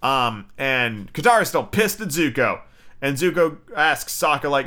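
A man's voice: medium pitch, expressive, a little slow, pushed and bright. A man giving a casual, rambling show review, swearing often and filling his talk with "like.". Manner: profane, filler-heavy, frequent "like".

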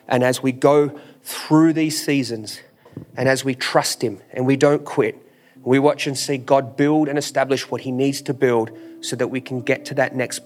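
A man preaching a sermon with an emphatic, repetitive cadence, full of rhetorical questions and casual phrasing. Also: mid-range voice. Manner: informal, drops into "ain't". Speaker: pastor.

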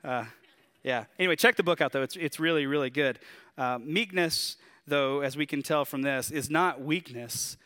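A man with a Southern drawl delivers a sermon, chatty and lively, throwing rhetorical questions at the congregation. His voice sits a little high and rings bright and forceful. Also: moderate pace. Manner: conversational and animated, with rhetorical questions. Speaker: pastor.

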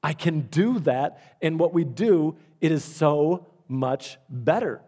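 A man's voice: fairly high pitch, lively intonation, takes it slowly, warm tone, husky. A male pastor preaching a sermon, telling stories and repeating his key phrases. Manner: storytelling with acted-out quotes, repeats key phrases.

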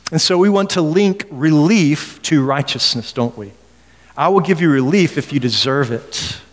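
A man's voice: fairly high pitch, lively intonation, normal speed. A man preaching an expository sermon with emphasis, often putting rhetorical questions to his listeners. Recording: long reverb of a large hall.

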